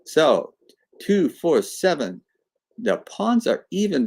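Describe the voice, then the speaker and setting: A man giving live chess commentary in an animated way, acting out the players as if they were talking. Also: mid-range voice, unhurried, vocal fry.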